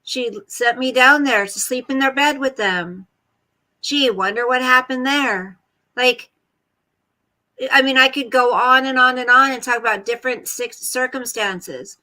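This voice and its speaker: A woman's voice: high voice, measured pace, sharp tone, low-quality recording. A woman hosting a casual livestream, talking bluntly and rambling to her chat and her pet at home. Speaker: livestream host. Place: home room.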